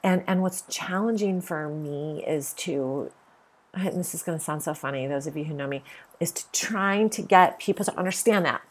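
A middle-aged woman with a low, husky voice talks through a spiritual podcast monologue. She is earnest and emphatic, and she circles back on the same phrases again and again. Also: normal speed. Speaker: podcast host.

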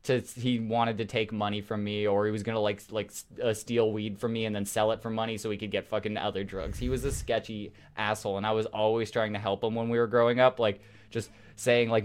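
A man's voice: fairly low pitch, little pitch movement, fairly quick, clean tone. A man co-hosting a podcast, telling long rambling stories with lots of swearing and restarts. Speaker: podcast co-host. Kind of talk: casual podcast chat.

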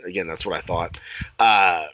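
A man's voice: low-pitched, steady tone, normal speed, sharp tone, dry recording. A man in casual podcast chat, recapping a cartoon episode in a profane, rambling way full of filler sounds. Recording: dull lo-fi recording.

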